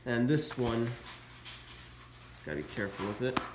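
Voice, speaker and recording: Stuffy from a cold, a man casually shows off military collectibles in a show-and-tell vlog, hesitant and dropping lots of uhs. His medium-pitched voice is animated and moves at a normal speed. The room is echoey, with faint background noise.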